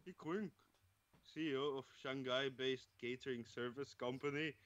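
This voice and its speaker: A man's voice: mid-range voice, fairly even intonation, moderate pace, a bit bright. A man co-hosting a comedy podcast, reading news articles aloud and laughing through them. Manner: reads headlines, breaks into laughter. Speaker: podcast co-host. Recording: dull lo-fi podcast audio.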